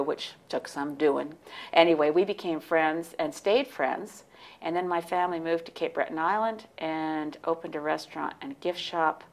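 A woman in her sixties, originally from the United States, telling lively anecdotes as an interview guest, often restarting her sentences. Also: sits low, vocal fry. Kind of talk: casual interview storytelling.

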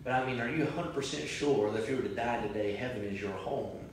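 A man preaching a sermon as pastor, moving between prayer and loud impassioned cries. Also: medium pitch, fast, a little hiss or hum. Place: large church sanctuary. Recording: very echoey church from a distant mic.

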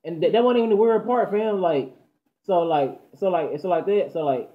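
High-voiced teen boy, stammering storyteller. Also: moderate pace. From Dallas, Texas. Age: teens. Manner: animated, stammering, slangy. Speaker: vlogger telling a story. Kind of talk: casual storytime chat. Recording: dull lo-fi audio.

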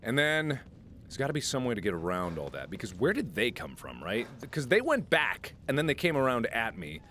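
A man in his twenties playing a game and chatting jokily with his viewers in an excitable way. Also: medium pitch, brisk, a little hiss or hum. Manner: excitable, jokey, talks to viewers. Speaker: gaming host. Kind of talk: let's play commentary.

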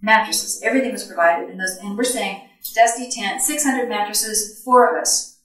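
A woman telling stories to an audience in an animated way, acting out her own past thoughts and often laughing. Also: medium pitch, moderate pace. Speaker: speaker sharing recollections. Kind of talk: storytelling talk to an audience. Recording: echoey hall from far off.

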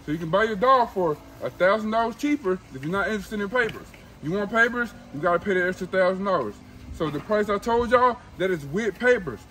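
Hyped high-voiced man selling puppies. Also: lively intonation, a little fast, pushed and bright, low-quality recording. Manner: hyped, repeats himself, slangy street talk. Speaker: dog breeder. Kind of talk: casual sales video.

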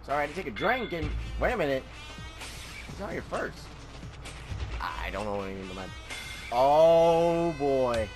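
A man hosting a channel and giving excited play-by-play commentary of a wrestling video game, often shouting. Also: on the high side, moderate pace, pauses often, soft background music. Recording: game crowd noise behind. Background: game crowd noise.

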